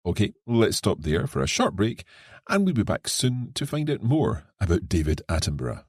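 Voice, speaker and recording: A man co-hosting an English lesson podcast who reads short text passages aloud and explains them in a clear, encouraging way. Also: on the low side, wildly swooping pitch, moderate pace.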